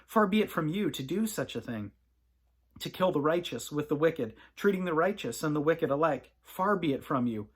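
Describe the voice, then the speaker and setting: A man's voice: a little high, expressive, moderate pace, husky. A man reading the lines of a humble aged patriarch, pleading earnestly and hesitantly.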